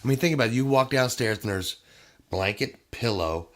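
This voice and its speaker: A man's voice: medium pitch, moderate pace. A man hosting a podcast, telling stories in casual chat and laughing often. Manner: animated, laughing storyteller. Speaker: podcast host.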